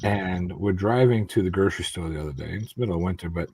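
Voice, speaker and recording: A man's voice: low-pitched, fast, a little mellow, slightly rough, no echo. A man on a video call chatting casually, rambling through a story with lots of fillers. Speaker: guest. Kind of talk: casual chat.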